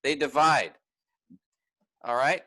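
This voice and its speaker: A man's voice: mid-range voice, takes it slowly, bright, forceful tone, poor audio. A man teaching a workshop, explaining step by step and often checking in with "all right?".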